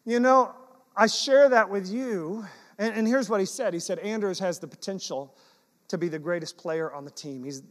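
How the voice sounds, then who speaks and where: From the pulpit, a male pastor with a high voice tells personal stories, blending playful self-mockery with sincere exhortation. The sanctuary gives his voice a long reverb, and his delivery is animated storytelling laced with self-deprecating humor.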